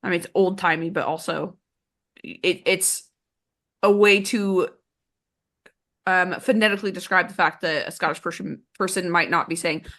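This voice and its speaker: A woman's voice: on the low side, fairly even intonation, normal speed, pauses often, fairly bright tone. A woman co-hosting a book podcast, chatting enthusiastically and rambling with fillers. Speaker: podcast co-host. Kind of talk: casual book chat.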